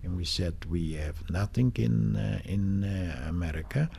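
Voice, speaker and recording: An older man, a Holocaust survivor, recounting memories in a halting, emotional way with many restarts. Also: low-pitched, vocal fry, warm tone. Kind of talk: documentary interview, recounting memories.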